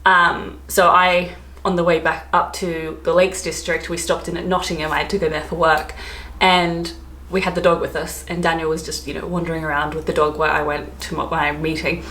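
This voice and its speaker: A woman's voice: low-pitched, little pitch movement, moderate pace, a bit bright. An Australian woman vlogging in casual chat, rambling with lots of fillers and asides. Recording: echoey room.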